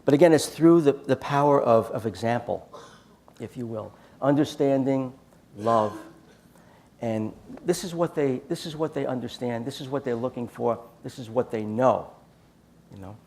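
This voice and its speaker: A man's voice: medium pitch, moderate pace, vocal fry, darkish tone, slight background noise. A man giving a storytelling talk at a church conference, acting out quoted dialogue in his anecdotes. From United States.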